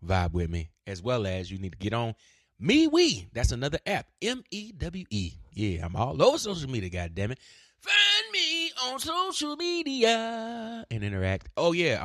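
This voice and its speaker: A man hosting his own podcast, rambling in a casual monologue, cursing freely and breaking into sudden shouts. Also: lowish voice, no echo, clean studio sound. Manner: profane, loud swings and sudden shouts. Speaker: podcast host.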